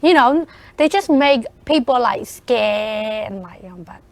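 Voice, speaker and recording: A woman co-hosting a radio show, talking about a film in a hesitant, halting way full of "you know" and "like". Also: on the high side, animated, gravelly, no echo. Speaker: radio co-host. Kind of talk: casual film review chat.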